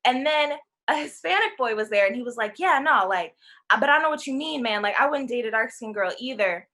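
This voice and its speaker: A woman's voice: a little high, a little fast. A woman in her twenties on a talk panel, telling a personal story in a casual way and acting out the voices of the people in it. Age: 20s. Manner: animated, acts out quoted voices.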